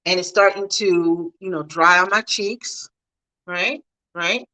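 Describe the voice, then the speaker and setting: Chatty bright-voiced woman vlogging. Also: on the low side, slow pace, rough recording. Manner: chatty, animated, talks to viewers directly. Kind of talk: casual storytelling vlog.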